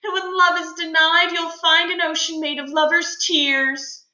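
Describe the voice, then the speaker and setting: A woman's voice: extremely high pitch, little pitch movement, unhurried, pushed and bright, muffled recording, voice pushed up, heavily acted. A woman reading aloud as a lovesick, melodramatic young man, sighing over his unhappy love. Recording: roomy echo.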